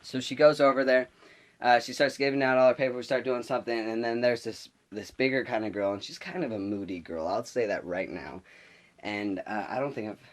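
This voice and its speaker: A teenage boy telling a story in a casual vlog, rambling and animated, full of restarts and filler words. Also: medium pitch, brisk. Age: teens. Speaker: vlogger.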